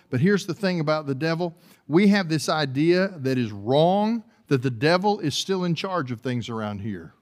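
A man preaching a sermon, often repeating and restarting words, building from quiet passages up to loud, forceful preaching. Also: mid-range voice. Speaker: pastor.

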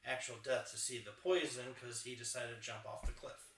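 A man at a tabletop game speaking in character, asking straightforward questions in an ordinary mid-pitched voice. He sounds set back from the mic in an echoey room. A faint hiss sits behind him. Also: brisk, a bit bright, distant mic. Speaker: player.

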